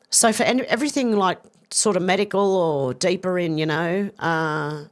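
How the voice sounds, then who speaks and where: Middle-aged Australian woman, live-stream host, chatty and effusive, a bit congested. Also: on the low side. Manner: chatty, effusive, warm thanks, many restarts. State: slightly congested with a cough. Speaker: livestream host. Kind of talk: casual live-stream chat, reading viewer comments.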